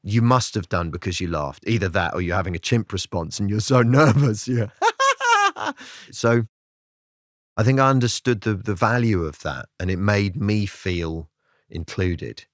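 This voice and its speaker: A comedian being interviewed, talking in a reflective, self-deprecating way and breaking into laughter now and then. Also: male voice, lowish voice, sing-song, a little slow, fairly bright tone, no echo, studio quality. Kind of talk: candid interview chat.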